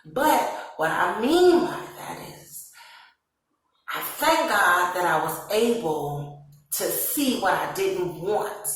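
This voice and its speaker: A woman's voice: on the low side, lively intonation, takes it slowly, distant mic. A woman tells her own story in a casual vlog. She laughs often and acts out her past reactions in quoted asides. Her voice sits back from the mic in a very echoey room. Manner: laughs often while telling a serious story. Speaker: vlogger.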